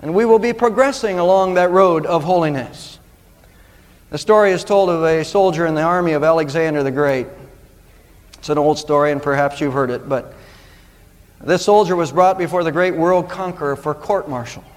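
A man preaching a sermon as pastor, earnest and emphatic, slowing down to stress key words. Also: fairly high pitch, big-room sound.

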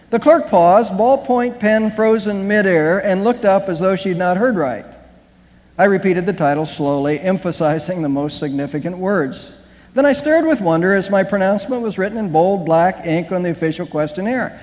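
A male pastor with a somewhat high voice delivers an earnest sermon and prayer, pausing and repeating words as he goes. The sound is muffled and dull, with a long reverb from a large sanctuary. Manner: earnest, with frequent halting restarts. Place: church sanctuary.

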